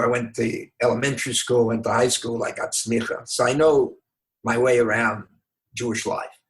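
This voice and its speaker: An older man from New York, a rabbi being interviewed, telling stories in an unhurried, anecdotal way with emphatic moments. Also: mid-range voice, fairly bright tone. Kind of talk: conversational storytelling.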